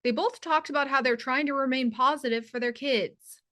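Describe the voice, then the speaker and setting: High-pitched woman reading entertainment news. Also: moderate pace, over music. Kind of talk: scripted voice-over narration.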